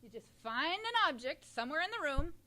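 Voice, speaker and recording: A woman puppeteer answering interview questions in a lively, animated way, with some ums. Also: sits high, brisk. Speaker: puppeteer guest.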